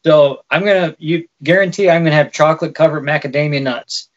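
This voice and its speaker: A man's voice: a little high, brisk, dull audio. A man with a light Wisconsin accent co-hosting a podcast, chatting casually and explaining with frequent fillers. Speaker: podcast co-host. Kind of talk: casual chat.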